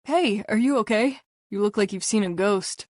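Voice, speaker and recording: A woman voicing an easygoing, joking young man with a flat, steady delivery, in a storybook reading. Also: medium pitch, moderate pace, no echo, studio quality, lightly acted.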